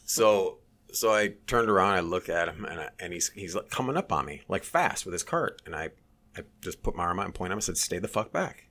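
A man telling a story in casual chat, animated and swearing, mimicking others in a high voice. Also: brisk.

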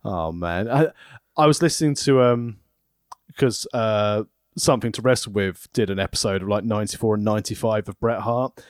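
A man's voice: lowish voice, normal speed, dry recording, studio quality. A man co-hosting a podcast in casual chat, playful and talkative. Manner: chatty, playful, slips into mock-theatrical voices. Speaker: podcast co-host.

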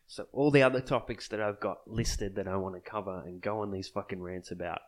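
A man's voice: lowish voice, steady tone, fairly quick. A man on a profane solo podcast rant, exasperated and sarcastic, swearing constantly. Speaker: podcast host.

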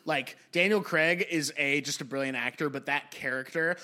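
A man's voice: fairly high pitch, normal speed, bright, forceful tone. A young man co-hosting a casual film podcast, enthusiastic and swearing freely as he ranks his favorite movies. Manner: enthusiastic, swears freely, draws out key phrases. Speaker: podcast co-host.

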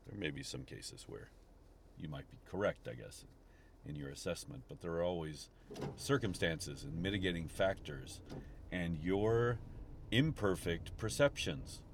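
A man's voice: low-pitched, expressive, a little slow. A man hosting a casual podcast while driving, rambling with many restarts. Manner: rambling, restarts often, gets frustrated in traffic. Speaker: podcast host. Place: inside a car in traffic. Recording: road noise from a car. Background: vehicle and road noise.

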